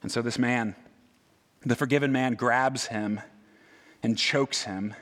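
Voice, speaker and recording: A man's voice: mid-range voice, slow pace. A man preaching a sermon in a conversational way, asking his listeners many rhetorical questions. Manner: conversational, animated, many rhetorical "right?" asides. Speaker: pastor.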